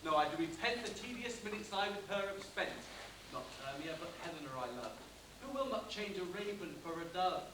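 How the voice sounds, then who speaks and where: A man's voice: high voice, lively intonation, a little fast. A young man playing an earnest young lover, declaiming verse on stage. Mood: ardent. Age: young adult. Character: earnest young male lover, courtly and ardent. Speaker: amateur stage actor. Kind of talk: live school stage play. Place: school hall stage. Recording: echoey hall, distant mic, tape hiss.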